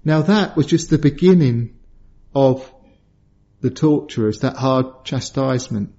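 A middle-aged man preaching a sermon, telling a personal story in earnest and lifting his voice high when he acts out quotes. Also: measured pace, warm tone, lo-fi sound.

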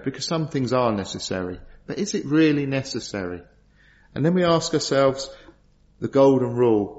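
A middle-aged man preaching a sermon, earnest and storytelling, asking rhetorical questions. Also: mid-range voice. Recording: dull lo-fi sound.

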